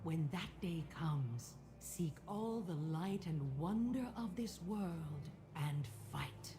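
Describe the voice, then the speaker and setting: A woman's voice: lowish voice, expressive, background noise. A woman voicing an ancient, dying female serpent spirit in a video game cutscene, speaking with solemn tenderness. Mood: solemn, tender. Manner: solemn, slow and tender farewell speech.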